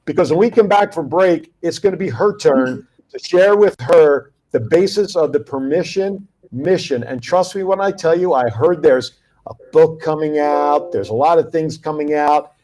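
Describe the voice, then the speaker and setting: Animated male talk show host. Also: on the high side, normal speed, low-quality recording. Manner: animated storyteller, acts out yelling. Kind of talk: casual round-table chat.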